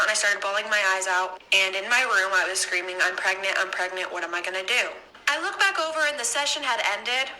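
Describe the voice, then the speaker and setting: A young woman tells a personal story in a quick, casual monologue. Her voice is very bright and crisp, and she rushes through the retelling with plenty of "like". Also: medium pitch, rough recording. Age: young adult. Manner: rapid chatty retelling with frequent "like".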